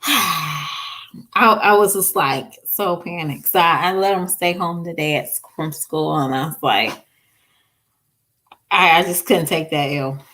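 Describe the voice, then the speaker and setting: A woman in her thirties telling her viewers a story about her son, in a casual, animated way, laughing often and restarting words. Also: on the low side, unhurried, pauses often. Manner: talks straight to viewers with slang and "y'all". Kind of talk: casual story time vlog.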